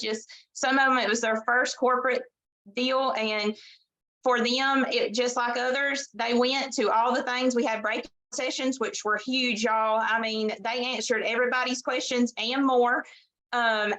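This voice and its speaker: Woman, bright voice, folksy testimonial, says y'all a lot. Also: fairly high pitch, low-quality recording. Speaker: team leader sharing a success story. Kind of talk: casual testimonial on a video call.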